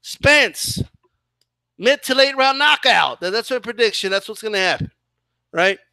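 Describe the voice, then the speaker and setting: A man's voice: sits high, animated, unhurried, creaky, bright, forceful tone, no room sound. A man hosting a boxing channel, ranting sarcastically and swearing in a loose livestream chat, often ending his points with "right?". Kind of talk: profane livestream rant.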